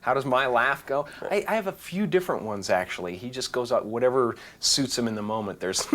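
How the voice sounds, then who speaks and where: A man being interviewed as an actor guest, answering with deadpan jokes and bursting into silly voices. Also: mid-range voice, noisy background.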